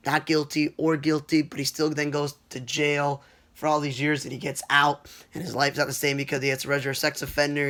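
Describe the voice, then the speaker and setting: A man's voice: on the high side, a bit bright. Rambling man reviewing movies. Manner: rambling, offhand, with many fillers and restarts. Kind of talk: casual spoken movie review.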